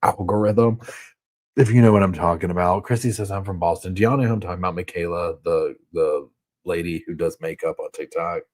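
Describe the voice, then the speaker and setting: A man's voice: deep voice, steady tone, brisk. A man from the American South with a Southern accent, hosting a casual live chat and answering viewer comments. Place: home, on a sofa.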